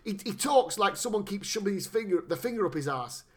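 A man co-hosting a casual, sweary chat, animated and fond of putting on mock voices. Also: sits high, fairly quick. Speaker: podcast co-host.

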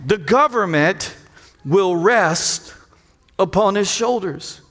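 High-voiced preacher man in a reverberant hall. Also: lively intonation, slow pace. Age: middle-aged. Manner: preaching with call-and-response to the congregation; acts out quoted voices with big pitch jumps and shouts. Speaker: pastor. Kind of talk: sermon.

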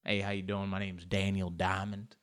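A man voicing a shady male diamond dealer who pitches his goods in a low, soft, smooth sales patter. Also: completely flat delivery, moderate pace. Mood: smooth-talking.

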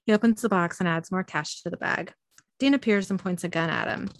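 A woman's voice: fairly low pitch, brisk, no room sound. A young woman hosting a podcast, casually reading an episode recap aloud with frequent ums. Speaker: podcast host.

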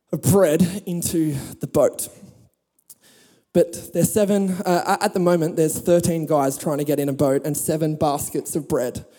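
A man pastor preaching a sermon to a congregation, telling a Bible story with humor and lively emphasis. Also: fairly high pitch, in a large hall. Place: church hall with audience.

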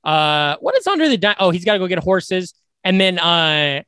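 A young man co-hosting a casual movie podcast, animated and quoting lines in put-on voices. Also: high-pitched, moderate pace, clean tone, no room sound. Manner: animated, acts out movie quotes in funny voices. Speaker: podcast co-host.

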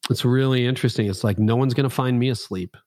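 A man in his fifties talks openly as an interview guest, reflective and a little self-mocking. His voice sits at an ordinary middle pitch. The recording is dry and close, with no room sound. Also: quick pace, a little mellow, no echo. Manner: reflective, frank, self-deprecating storytelling. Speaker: pastor and guest. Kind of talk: candid interview conversation.

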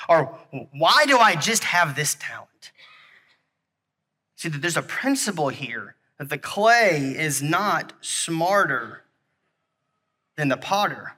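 Earnest preacher with a bright voice. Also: male voice, on the high side, lively intonation. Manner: earnest, halting, repeats himself; talks to children in the congregation. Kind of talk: sermon with object lesson.

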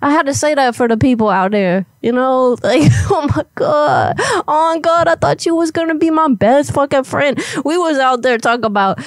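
Brash rambling stoner girl, played by a woman, highish voice, close dry mic. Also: no echo. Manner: fast, rambling, crude street slang. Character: brash stoned slangy woman pushing old friendship. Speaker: prank caller.

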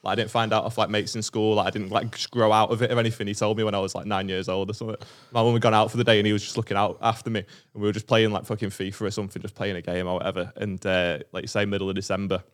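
A man's voice: lowish voice, rapid-fire. A man, chatting on a comedy podcast, laughing often while telling an anecdote. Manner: laughs a lot, chatty and animated. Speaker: podcast co-host. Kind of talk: casual comedy podcast chat.

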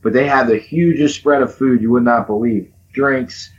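A man's voice: mid-range voice, normal speed, dull audio, a little hiss or hum. A man chatting on a hobby podcast, enthusiastic and slangy, saying "dude" and "man.". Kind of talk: casual chat.

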